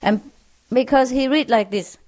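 A woman's voice: fairly high pitch, moderate pace, darkish tone. A woman telling jokes to an audience, laughing through her punchlines and acting out the characters' lines. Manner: acts out characters' lines in quoted voices. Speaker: joke teller.

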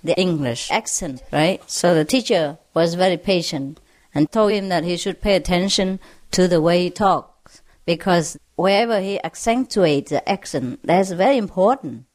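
A woman's voice: lowish voice, normal speed, a little mellow. A woman telling jokes to an audience, laughing through her punchlines and acting out the characters' lines. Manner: acts out characters' lines in quoted voices. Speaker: joke teller.

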